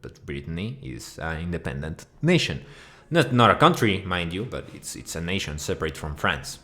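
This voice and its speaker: A man's voice: low voice, sing-song, normal speed, pushed and bright. A man from Mexico giving a profane, mock-outraged and rambling comedic rant over slides. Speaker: video essayist.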